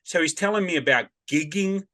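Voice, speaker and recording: A man hosting a podcast over a video call, chatting casually and telling animated stories. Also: fairly high pitch, fairly quick. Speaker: podcast host. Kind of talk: casual interview chat.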